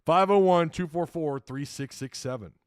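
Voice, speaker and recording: A man's voice: a little high, normal speed, clean tone, dry recording, clean studio sound. A man hosting a casual sports talk livestream, rambling and chuckling often, reading viewer comments and sponsor plugs. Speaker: sports talk show host.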